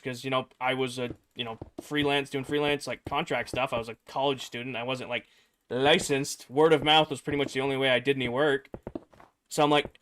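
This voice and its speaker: A man's voice: medium pitch, brisk, a little hiss or hum. A young man streaming, rambling through a personal story for his chat and acting out the voices of the people in it. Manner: rambling, animated, acts out quoted voices.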